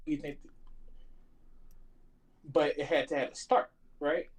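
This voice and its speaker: A man's voice: fairly high pitch, steady tone, unhurried, poor audio. A man calling in to a casual debate, hesitant and apologetic, often stopping to search for words. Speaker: caller.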